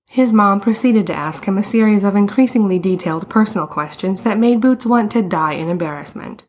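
A woman's voice: mid-range voice, fairly quick, few pauses, a little mellow. A woman reading a novel aloud as an audiobook narrator. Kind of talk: scripted narration.

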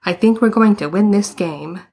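A woman's voice: medium pitch, normal speed, creaky, darkish tone, slightly rough. A woman reading the part of a cocky, teasing teenage boy hockey player in a storybook. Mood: gleeful. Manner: gleeful, teasing.

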